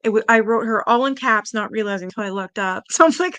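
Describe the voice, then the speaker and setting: A woman's voice: quick pace, a bit bright, clear, resonant tone, dry recording. Chatty, swearing woman streamer, dry sound. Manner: chatty, swears freely, talks to her chat; coos at her cats in a high baby voice. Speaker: true-crime livestream host. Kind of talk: casual livestream chat.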